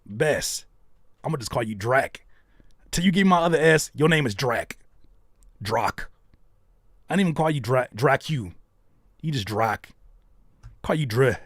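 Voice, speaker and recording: A man hosting a live stream where he reacts to beats, talking in a loose, playful way with teasing jokes and quick asides. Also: mid-range voice, lively intonation, no echo, studio quality. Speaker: host reacting to viewer beats.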